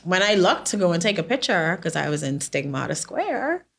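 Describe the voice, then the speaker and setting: A woman with a notably low voice chats as a podcast guest. She talks through her stories casually and laughs often. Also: very animated, normal speed, creaky, fairly bright tone. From The Bahamas. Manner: chatty storyteller, laughs often. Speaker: podcast guest, sports volunteer. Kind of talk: casual chat.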